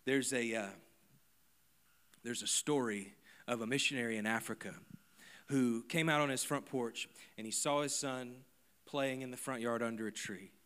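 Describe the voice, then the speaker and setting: A man preaching a sermon to a congregation. He moves from quiet, close asides to loud, emphatic repeated lines. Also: mid-range voice, moderate pace, smooth. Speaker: pastor. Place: church service before a congregation.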